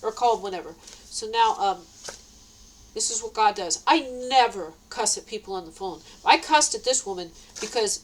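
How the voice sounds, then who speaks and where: A woman's voice: medium pitch, lively intonation, normal speed, a little hiss or hum, poor audio. A middle-aged woman ranting to camera, agitated and swearing, rambling with many restarts. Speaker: vlogger.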